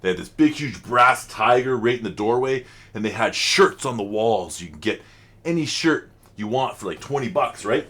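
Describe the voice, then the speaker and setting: A man's voice: medium pitch, expressive, moderate pace, fairly bright tone. A middle-aged man, rambling chattily as he hosts a reaction vlog. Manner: rambling, chatty, frequent fillers. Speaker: channel host reacting to music.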